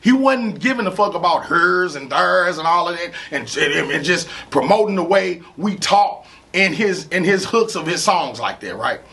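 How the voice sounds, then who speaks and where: Gravelly, animated St. man. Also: sits high, moderate pace. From St. Louis, USA. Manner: animated, profane, repeats "you know what I'm saying". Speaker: rapper interview guest. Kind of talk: casual storytelling interview.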